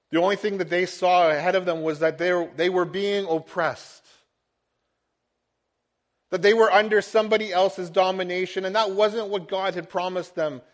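A middle-aged man delivering a sermon with a notably high voice. He preaches earnestly, leaning into emphatic swells as he drives a point home. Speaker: pastor.

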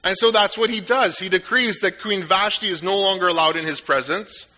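A man preaching a sermon in a relaxed, conversational way, retelling a story with joking asides. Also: high-pitched, brisk. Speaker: pastor.

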